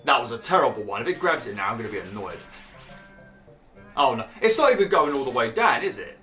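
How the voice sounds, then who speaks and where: Bright-voiced man playing a game. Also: very animated, fast talker, soft background music. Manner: chatty, swears and laughs when frustrated; bursts into high exclaims when annoyed. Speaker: gaming YouTuber. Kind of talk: Let's Play commentary.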